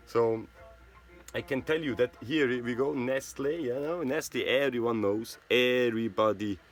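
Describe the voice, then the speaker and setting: A native Swiss German speaker from Switzerland talks in English with a Swiss German accent, rambling through a monologue and tagging sentences with "you know" and "right?". His voice is medium-pitched at a measured pace, with faint music behind him.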